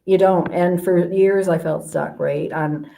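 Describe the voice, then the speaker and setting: A woman's voice: on the low side, steady tone, unhurried, creaky, warm tone, low-quality recording. A woman from Canada, a life coach, chatting as a guest in a casual interview, rambling with many fillers and restarts.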